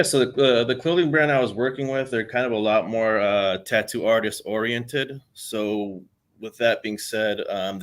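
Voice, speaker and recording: A young man talking casually as a podcast guest, relaxed and rambling with many fillers. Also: on the low side. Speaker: podcast guest, content creator. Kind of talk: casual interview talk.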